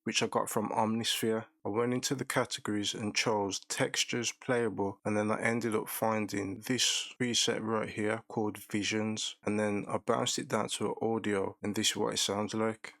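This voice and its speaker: A man talks through a beat-making tutorial in a low, flat voice with a gravelly rasp at the edges. He explains each step calmly and methodically. The sound is dry and close, with no room around it. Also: normal speed, hardly any pauses, no room sound. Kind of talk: step-by-step production walkthrough.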